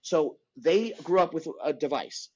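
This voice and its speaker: A middle-aged man, a comedian, telling stories in a lively podcast chat and acting out the people in them. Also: a little high, a little slow, slightly rough, dull audio. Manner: animated, acts out voices. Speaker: comedian guest. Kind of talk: storytelling in casual chat.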